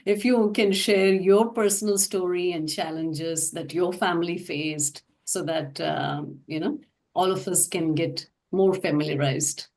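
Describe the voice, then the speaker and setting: A woman hosting a webinar on a video call, asking questions in a slow, soft, prompting way. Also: lowish voice, steady tone. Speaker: webinar host. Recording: distant mic with faint noise.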